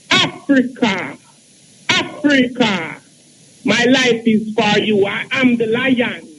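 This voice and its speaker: High-voiced man chanting a poem. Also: fairly bright tone, a little hiss or hum, rough recording. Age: 30s. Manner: chanting, repetitive refrains. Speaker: caller. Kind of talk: reciting a poem.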